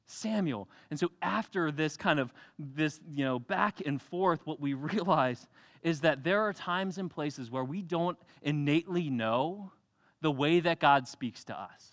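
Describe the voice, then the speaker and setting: A young adult man preaching a sermon in a church, telling the story with animated energy, acting out voices and laughing often. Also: fairly high pitch, unhurried. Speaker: pastor.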